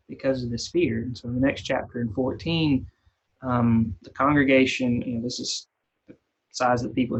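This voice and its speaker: A man's voice: medium pitch, darkish tone, slightly rough. A man leading a casual Bible study in a church, retelling scripture in plain, folksy everyday terms. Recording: dull lo-fi recording.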